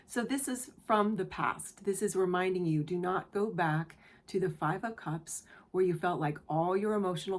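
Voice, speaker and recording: Soft-spoken woman giving a tarot reading. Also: lowish voice. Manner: gentle, earnest, affirming; emotional, near tears. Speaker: tarot reader, channel host. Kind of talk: spiritual tarot reading to camera.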